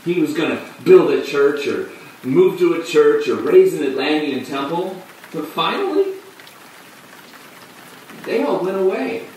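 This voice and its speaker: An actor playing a male off-off-Broadway performer who tells his story in a halting way, with dark, bitter laughs. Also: fairly high pitch, big pitch swings, slight background noise. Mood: rueful. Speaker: actor in a monologue. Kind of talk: stage monologue on film. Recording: distant echoey room with rain.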